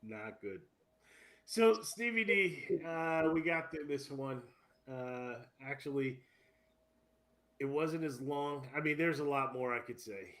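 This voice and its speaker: Male sports podcast co-host, casual and animated, laughs at his own jokes. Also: mid-range voice, measured pace.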